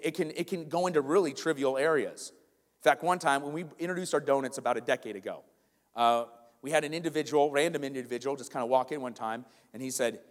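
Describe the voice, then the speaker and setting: Pastor preaching in an echoing hall. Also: male voice, fairly high pitch. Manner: conversational, joking asides, builds to emphatic preaching. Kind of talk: sermon. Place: church auditorium. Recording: reverberant hall.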